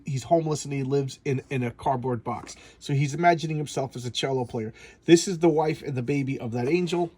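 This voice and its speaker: A man casually recapping a comic issue, rambling with fillers and putting on quick voices for the characters. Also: fairly high pitch, darkish tone, slightly rough, dry recording. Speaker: comic book reviewer.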